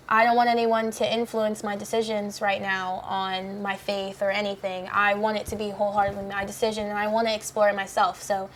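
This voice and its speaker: A woman's voice: mid-range voice, a little hiss or hum. A teenage girl who is a cast member of a musical, answering interview questions in a chatty, casual way full of fillers. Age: teens.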